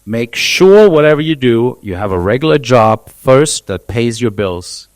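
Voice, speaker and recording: A man's voice: mid-range voice, sing-song, unhurried, dry recording. A man who is a DJ and producer, giving blunt, opinionated views on a live panel and swearing casually. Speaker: DJ and producer, guest.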